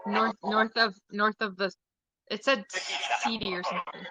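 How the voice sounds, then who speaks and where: A woman's voice: mid-range voice, fairly even intonation, normal speed, sharp tone, soft background music, poor audio. A woman hosting a live-stream seance, hesitant at times and repeating aloud what she says she hears. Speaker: host leading a live seance.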